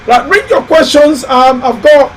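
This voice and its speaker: A very high-pitched man talks loudly and emphatically, hosting a live building-advice stream. He repeats himself and exhorts his viewers like a preacher. A faint hiss runs under the recording. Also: unhurried, poor audio. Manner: loud, emphatic, exhorting and repetitive. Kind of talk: live-stream motivational talk.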